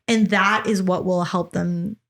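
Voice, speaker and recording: A young adult woman hosting a podcast in casual chat, animated and laughing often, with many fillers of "like". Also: lowish voice, measured pace, creaky. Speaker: podcast host.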